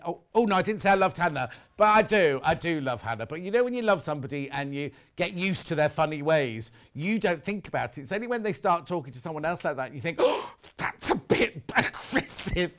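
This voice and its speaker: Chatty, lively TV presenter. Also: male voice, on the high side. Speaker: shopping channel presenter. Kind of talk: live sales presentation with chat.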